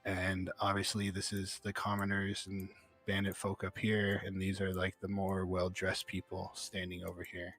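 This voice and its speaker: Brief: low-voiced male game master, relaxed scene-setting narration over faint background music. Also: husky. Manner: casual, descriptive, many fillers.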